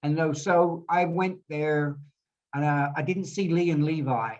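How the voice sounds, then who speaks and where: A man's voice: on the high side, unhurried, darkish tone. A man in his sixties telling rambling stories as an interview guest, often repeating words as he goes. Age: 60s. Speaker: guest musician. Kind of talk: storytelling interview. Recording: dull lo-fi audio.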